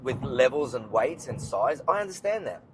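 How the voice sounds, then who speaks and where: A man with an Australian accent hosting a podcast, talking fast and emphatically in casual chat from inside a car. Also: mid-range voice, very animated, noisy background. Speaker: podcast host. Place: inside a car while driving.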